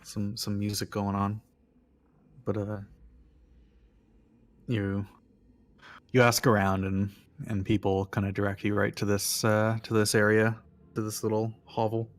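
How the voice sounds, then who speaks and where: A man's voice: lowish voice, level tone, unhurried, long pauses. A young man narrating as game master, describing scenes with many ums and restarts. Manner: hesitant, filler-heavy narration.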